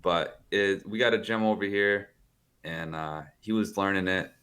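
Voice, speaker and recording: A man with a fairly low voice guests on a podcast over a video call. He tells stories in a loose, rambling way, fills his sentences with "like" and swears casually as he goes. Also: measured pace, fairly bright tone. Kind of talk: casual storytelling chat. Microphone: calling in over a video call.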